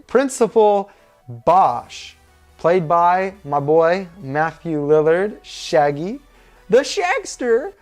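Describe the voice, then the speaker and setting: A young man talking through a movie review in a casual, rambling, informal way. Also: medium pitch.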